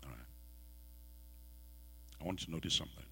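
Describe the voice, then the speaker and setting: A man with a West African accent preaching a sermon in a church, asking the congregation questions and swinging from soft, quiet lines to loud ones. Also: extremely low pitch, a little fast, husky. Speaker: pastor.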